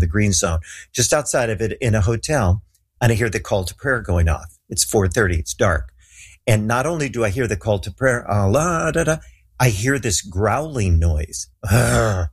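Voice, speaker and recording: A man's voice: fairly low pitch, slightly rough. A middle-aged man telling a story in a casual interview, acting out the voices of the people he quotes.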